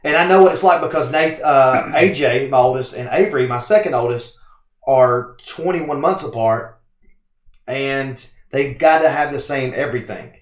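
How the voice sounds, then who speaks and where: Casual streamer host, male, animated storyteller; echoey room sound. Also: mid-range voice, moderate pace. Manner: lively storyteller, laughs often. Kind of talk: casual family chat.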